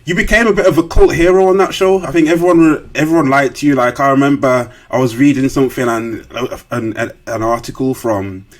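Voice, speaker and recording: Relaxed man hosting a podcast. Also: medium pitch, a little fast, hardly any pauses. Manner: relaxed, full of fillers and slang, hesitant restarts. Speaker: podcast host. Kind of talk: casual interview chat.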